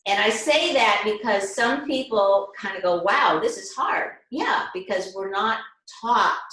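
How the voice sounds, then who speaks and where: A woman's voice: medium pitch, roomy sound, poor audio. A woman instructor leading an online class, guiding her students step by step and checking in with them often. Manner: gentle, guiding explanations with frequent check-ins. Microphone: video call.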